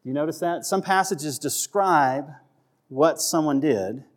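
Male pastor, slightly higher voice, chatty sermon delivery with playful asides. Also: slow pace. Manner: conversational, checks in with the audience, acts out voices for humor.

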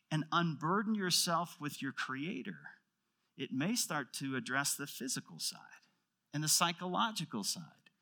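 Animated, bright-voiced preacher man. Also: a little high. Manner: animated preaching, acting out prayers, dropping to quiet intensity. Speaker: pastor. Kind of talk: sermon.

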